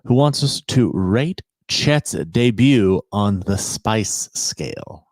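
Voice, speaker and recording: A man's voice: lowish voice, lively intonation, takes it slowly, darkish tone, no echo. Man reading listener questions on a podcast. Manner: reads out questions then banters briefly. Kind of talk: casual podcast chat.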